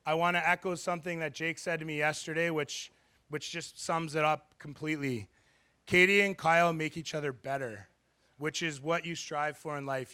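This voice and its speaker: A man giving a short wedding toast, halting and full of fillers but sincere. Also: fairly high pitch, sharp tone, clean tone. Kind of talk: wedding speech. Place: wedding reception.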